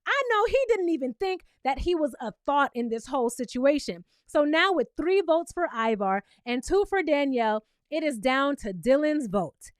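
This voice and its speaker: A woman vlogger giving a sassy, animated recap of a reality TV episode and talking straight to her viewers. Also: sits high, normal speed, hardly any pauses, dry recording, studio quality. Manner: acts out cast members' lines in playful voices.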